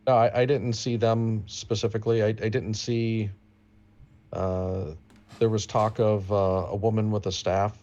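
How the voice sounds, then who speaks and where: A man playing a tabletop game, speaking slowly and hesitantly and restarting his words. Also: on the low side, little pitch movement, warm tone, highs cut off. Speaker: player.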